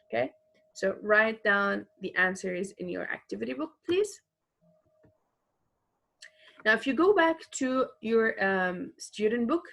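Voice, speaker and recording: A woman's voice: fairly high pitch, creaky, a bit bright. Patient woman teaching an English lesson. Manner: patient, explains slowly, repeats examples, frequent fillers. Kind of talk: recorded online grammar lesson.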